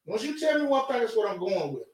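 A man's voice: high-pitched, very animated, fast talker. A man co-hosting a live talk show, explaining his views on relationships in a blunt, rambling way. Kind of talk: casual chat about relationships. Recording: roomy sound, mic at a distance.

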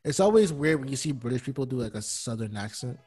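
A man's voice: mid-range voice, expressive, quick pace, darkish tone, husky. A man co-hosting a podcast in casual chat, rambling and laid-back, swearing freely. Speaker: podcast co-host.

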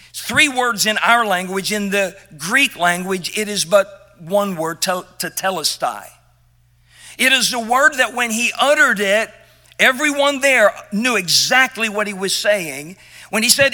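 A man preaching a sermon as pastor, emphatic and impassioned, dropping quiet at tender moments. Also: high voice, normal speed. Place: church sanctuary.

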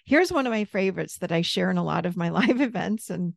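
A middle-aged woman, a therapist and coach, telling a personal story as a podcast guest in a candid, animated way, laughing easily and swearing freely. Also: lowish voice, fast, creaky, no room sound, clean studio sound. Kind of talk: casual storytelling in an interview.

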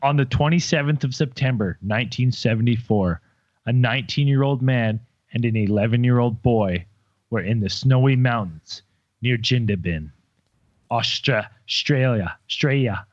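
A man's voice: medium pitch, normal speed, no room sound, dull audio. A man in casual group chat, reading stories aloud with stumbles and jokes. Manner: rambling, stumbles over words, joking. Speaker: podcast co-host reading out stories.

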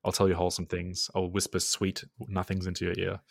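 Deep gravelly man rambling on a podcast. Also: completely flat delivery, brisk, dry recording, clean studio sound. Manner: rambling and chatty, says "like" constantly. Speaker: podcast co-host. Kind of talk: casual podcast chat.

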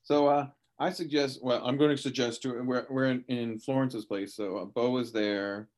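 A man at a tabletop game lays out a plan in halting bits, stopping and restarting as he goes. His voice sits at a plain middle pitch. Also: fairly even intonation, darkish tone. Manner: halting, stops and restarts while planning. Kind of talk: casual chat.

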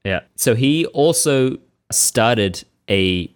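A man hosting a podcast, retelling a story in relaxed, casual conversation. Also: medium pitch, drawn-out words, clear, resonant tone, dry recording. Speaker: podcast host telling the story. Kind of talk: casual chat.

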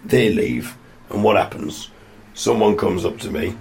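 A hoarse man with a Yorkshire accent who is losing his voice, telling a rambling story with self-mocking asides in a casual spoken diary. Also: deep voice, lively intonation, unhurried, a little mellow, slight background noise. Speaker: podcast host.

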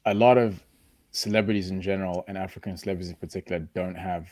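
A man co-hosting a podcast, chiming in with quick, frank remarks. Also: sits low, fairly even intonation, a little mellow, dry recording. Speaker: podcast co-host. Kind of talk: casual chat.

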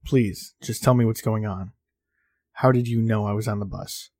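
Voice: medium pitch, steady tone, moderate pace, dark tone, no echo, clean studio sound, natural voice. A man reading the lines of a frightened young sibling lost on a strange bus, who stammers through confused questions.

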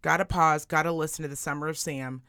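A young woman co-hosts a casual podcast chat, telling stories with blunt, profane, high-energy flair. Her voice is low and her pace quick, captured as clean studio sound with no room noise.

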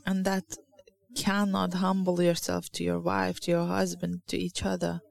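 A woman's voice: on the low side, monotone, moderate pace, vocal fry. A woman with a Lithuanian accent giving an informal sermon, hesitant and searching for words, reading scripture aloud. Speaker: church speaker.

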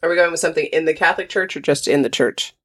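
A woman in casual chat, guessing at quiz answers, thinking out loud and laughing easily. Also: low voice, rapid-fire. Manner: chatty, laughing, thinks aloud while guessing. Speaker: quiz player.

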